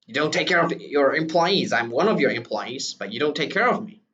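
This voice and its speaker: A man's voice: on the high side, expressive, a little fast, a bit bright, pitched above the performer's own voice. A man voicing an indignant young boy who complains to his boss, stumbling over repeated words. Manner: accusing, repeating words in outrage. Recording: distant, dull lo-fi recording.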